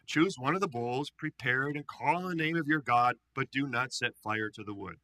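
Man reading as a bold prophet, commanding, bright and cutting tone. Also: medium pitch, moderate pace, low-quality recording. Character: bold older male prophet challenging rivals.

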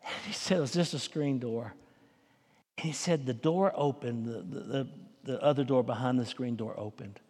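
A pastor with a drawl delivers a folksy, conversational sermon. His voice sits at an ordinary middle pitch for a man, carrying a long reverb tail through the church sanctuary. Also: normal speed, darkish tone, husky.

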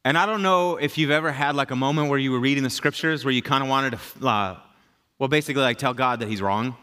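A man's voice: mid-range voice, fast, sharp tone, clean tone. A middle-aged man, a pastor, preaching a sermon in a conversational, emphatic way, repeating his key phrases.

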